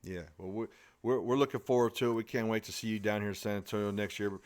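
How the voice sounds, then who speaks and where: A man's voice: on the low side, fast talker, darkish tone, smooth. A man hosting a podcast, chatting casually and joking with his guest. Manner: joking, folksy, lots of restarts. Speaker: podcast host. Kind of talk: casual interview chat.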